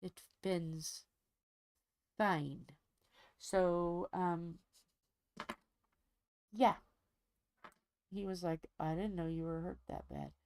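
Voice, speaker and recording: A woman's voice: on the low side, gravelly, darkish tone, dry recording. A woman hosting a diamond painting channel, chatting casually while she crafts and telling a rambling, folksy story from home.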